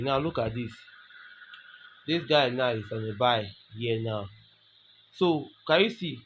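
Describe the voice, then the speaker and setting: Guy teaching trading, pushy and repetitive, keeps asking questions, muffled lo-fi audio. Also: mid-range voice. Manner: emphatic, repeats points, asks rhetorical questions. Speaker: trading tutor. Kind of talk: screen-recorded trading tutorial. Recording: dull lo-fi recording with faint noise.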